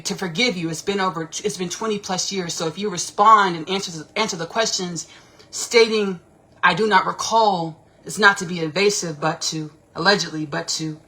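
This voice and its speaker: A woman hosting a casual livestream, talking in an animated, rambling, slangy way and repeating herself often. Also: lowish voice. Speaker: podcast host.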